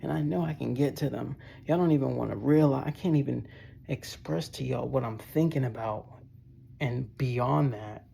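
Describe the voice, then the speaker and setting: A man rambles to his viewers in a casual vlog monologue, drifting from thought to thought. His voice is heavily gravelly with constant fry, dark and husky, and he keeps calling his listeners "bro.". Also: medium pitch, normal speed. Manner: loose and meandering, often says "bro" and "y'all". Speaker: vlogger.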